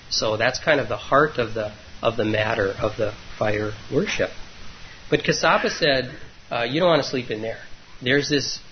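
Guy doing a dharma talk, soft and hesitant, average pitch, muffled recording with a bit of hiss. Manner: gentle, unhurried, with frequent hesitations. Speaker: meditation teacher. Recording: dull lo-fi recording with faint noise.

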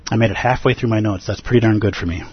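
A man, a Buddhist teacher, giving an earnest and expressive dharma talk at a retreat, acting out feelings with gasps and pauses. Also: lowish voice, slight background noise. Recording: dull lo-fi recording.

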